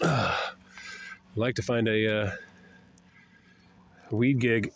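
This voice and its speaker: An older man with a head cold and a nasal voice, rambling in a casual walking vlog outdoors, often sighing and clearing his throat. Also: lowish voice, steady tone, drawn-out words, slight background noise. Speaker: traveling vlogger. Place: outdoors, walking along roads and a river valley.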